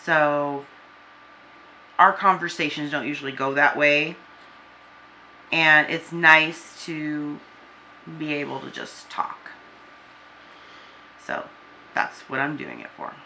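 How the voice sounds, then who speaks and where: Slow, low-voiced woman venting, halting. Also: lively intonation, bright, forceful tone, a little hiss or hum. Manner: halting, hesitant, with many restarts; subdued and downcast. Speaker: vlogger. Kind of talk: personal venting to camera. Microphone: camera with a person filming.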